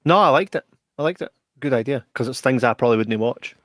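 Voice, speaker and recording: A man's voice: mid-range voice, lively intonation, fast talker, no room sound. A man with a Scottish accent co-hosting a podcast, trading easygoing, teasing banter in casual chat. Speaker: podcast co-host.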